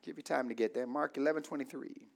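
A man preaching to a church congregation, calling for responses and rising into shouts. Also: mid-range voice, fairly even intonation, fast, gravelly. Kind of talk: sermon.

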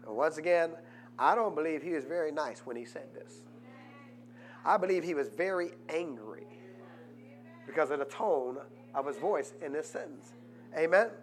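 A man pastor preaching a sermon and drawing answers from the congregation, swinging from quiet asides to loud, fervent peaks. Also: a little high, a little hiss or hum. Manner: rises to loud preaching, asks congregation "what?". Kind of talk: call-and-response sermon.

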